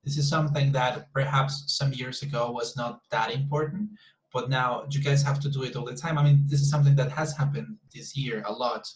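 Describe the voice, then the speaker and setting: A man's voice: mid-range voice, steady tone, a little fast, a little hiss or hum. A man teaching an English class over a video call, talking in a rambling, encouraging way with frequent restarts. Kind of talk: online class discussion. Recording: roomy echo.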